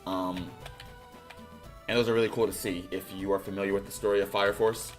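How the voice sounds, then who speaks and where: A man streaming a game, thinking out loud in a loose, rambling way and now and then bursting into loud excitement. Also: low voice, brisk, soft background music. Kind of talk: casual game commentary.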